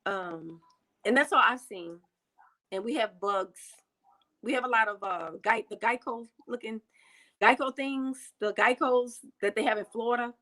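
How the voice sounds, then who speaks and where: A woman's voice: on the high side, measured pace, bright, forceful tone, poor audio. A woman from the United States speaking as an interview guest, chatty, with frequent fillers and restarts. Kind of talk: casual interview talk.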